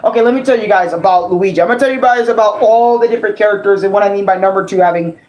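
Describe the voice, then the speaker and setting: A young man ranting casually about a video game, rambling, excitable and swearing a lot. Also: high-pitched, very fast. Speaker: gaming vlogger. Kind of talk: casual game review rant. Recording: roomy echo.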